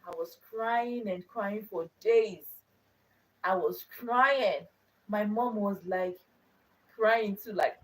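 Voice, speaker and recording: A woman's voice: medium pitch, takes it slowly, distant mic, background noise. Earnest young woman telling a personal story. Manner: earnest, repeats phrases for emphasis. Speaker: channel host.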